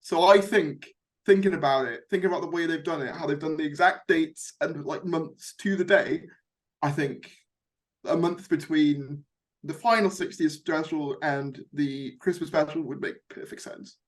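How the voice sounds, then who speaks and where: Young male host, slightly high voice, loose rambling chat. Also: normal speed. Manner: chatty, rambling with fillers. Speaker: YouTube host. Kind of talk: casual fan discussion.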